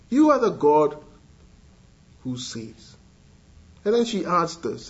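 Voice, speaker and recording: A man preaching a sermon earnestly, moving between hushed lines and rising, emphatic appeals. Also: a little high, husky. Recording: dull lo-fi sound.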